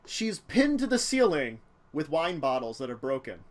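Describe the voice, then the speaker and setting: A man's voice: fairly high pitch, big pitch swings, normal speed, background noise. A man narrating as game master, describing scenes with many fillers and hesitations.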